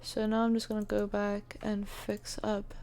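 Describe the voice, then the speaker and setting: This 3D modeling tutor speaks at medium pitch in a warm but monotone voice, at a normal pace. Her screen-recorded tutorial is relaxed and talkative, full of fillers as she thinks aloud, and she keeps hiccuping.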